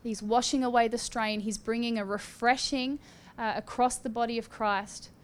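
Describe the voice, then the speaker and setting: A woman preaching and giving prophecy in a fervent charismatic style, with rising exclamations and sharp gasps. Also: on the high side, steady tone, normal speed, clear, resonant tone. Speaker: prophetic minister.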